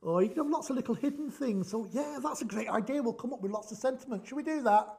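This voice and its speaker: A man with a notably high voice walks through a craft project in a loose, chatty tutorial. He jokes, rambles and works out ideas aloud as he goes. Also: lively intonation, quick pace, creaky, warm tone. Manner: jokey, rambling, thinks aloud. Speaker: craft demonstration host.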